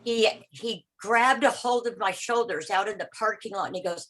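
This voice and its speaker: A woman's voice: medium pitch, fairly bright tone, a little hiss or hum, low-quality recording. Older woman telling a rambling personal story. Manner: rambling, halting, with many restarts and repeated words; acts out the voices of people in her story. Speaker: meeting participant sharing a story. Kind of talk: personal storytelling on a video call. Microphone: video call.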